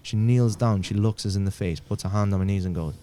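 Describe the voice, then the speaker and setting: A man, a podcast guest, telling a painful personal story in a halting way, often repeating words and dropping almost to a murmur. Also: lowish voice, warm tone.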